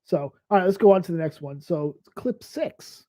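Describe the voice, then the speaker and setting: A man's voice: high voice, lively intonation, moderate pace, mellow. A man hosting a reaction stream, ranting angrily and swearing, a little tipsy. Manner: angry, profane ranting. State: tipsy from beer. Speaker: stream host.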